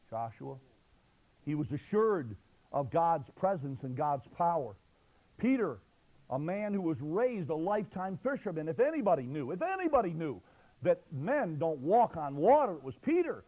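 High-pitched, fiery male preacher. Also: big pitch swings, moderate pace, a little mellow, rough recording. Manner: impassioned, emphatic exhortation. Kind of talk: sermon.

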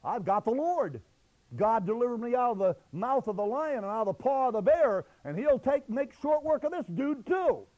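A man voicing the young shepherd David, bold and defiant, louder and higher than his usual delivery. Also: lively intonation, moderate pace, dull audio. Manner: loud, raised and defiant.

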